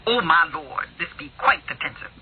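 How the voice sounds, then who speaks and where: A woman's voice: low-pitched, animated, normal speed, a loud crowd, voice pushed down. A woman voicing a nervous male eyewitness calling in, drawling in slang and stammering. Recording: tinny phone-like radio audio.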